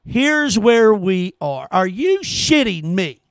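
A man's voice: high voice, sing-song, slow pace, clean tone, no room sound, clean studio sound. A man hosting his own show, delivering a heated, profane opinion rant full of emphatic repetition. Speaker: podcast host.

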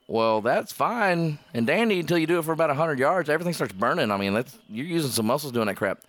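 A man's voice: a little high, lively intonation, fast talker, few pauses, fairly bright tone, no room sound. A man telling a story in casual podcast chat, laughing, swearing and acting out the cops' lines. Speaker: podcast host. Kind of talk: casual storytelling among friends.

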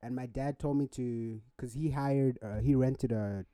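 A man's voice: mid-range voice, steady tone, measured pace, warm tone, smooth, no room sound, studio quality. A young man in casual podcast chat, telling a story in a laid-back, slangy way. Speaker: podcast co-host.

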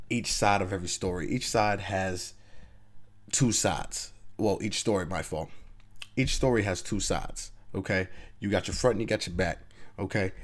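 A man hosting his own podcast, talking loosely and conversationally as he gives his opinions and keeps asking the listener to agree. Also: fairly low pitch. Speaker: podcast host. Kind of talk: casual opinion monologue.

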